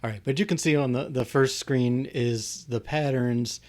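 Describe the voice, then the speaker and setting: A man's voice: mid-range voice, steady tone, moderate pace. A man working through code on screen, thinking aloud with frequent restarts and fillers. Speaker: programmer demonstrating code. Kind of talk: casual live coding walkthrough.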